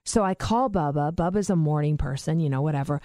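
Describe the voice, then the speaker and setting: A woman in her forties telling a story in casual podcast chat, animated and swearing freely. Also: sits low, a little fast, no room sound, clean studio sound. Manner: animated, acts out voices in quotes, swears freely.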